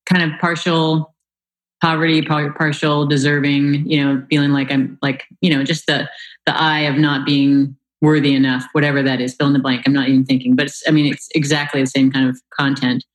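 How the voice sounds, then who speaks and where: A woman in a group call sharing a personal experience, halting and searching for words as she goes. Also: low-pitched, little pitch movement, poor audio.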